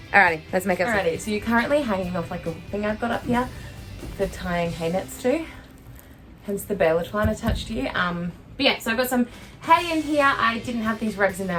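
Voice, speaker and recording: A woman's voice: mid-range voice, animated, moderate pace. A young Australian woman vlogging casually about her horses, chatty and rambling with plenty of ums and likes, filming herself on a handheld phone. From Western Australia. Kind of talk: casual vlog chat to camera. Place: inside a horse float during rain. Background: background music.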